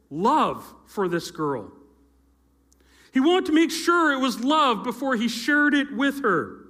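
The voice is a man's, extremely high in pitch and a bit bright: a middle-aged youth pastor storytelling in a sermon before a live church audience. He throws in playful asides, and his handheld or stage mic produces feedback.

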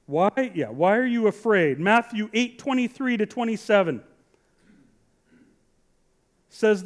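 A man's voice: sits high, very animated, takes it slowly, long pauses. A middle-aged man preaching a sermon in a chatty way, full of restarts and rhetorical questions. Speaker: pastor.

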